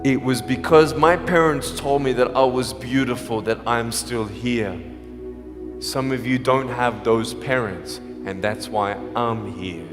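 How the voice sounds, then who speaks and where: A man giving a motivational speech to a live audience in a large school hall, emphatic and swinging from hushed to shouting. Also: medium pitch, steady tone, a little slow. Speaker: motivational speaker. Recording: echoey hall, faint music behind.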